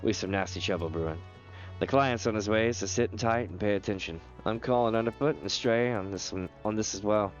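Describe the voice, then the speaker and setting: A man voicing a gruff, streetwise male rogue guildmaster from a game, folksy and calling people lass. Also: fairly low pitch, fairly quick, soft background music, lightly acted. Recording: dull lo-fi stream audio.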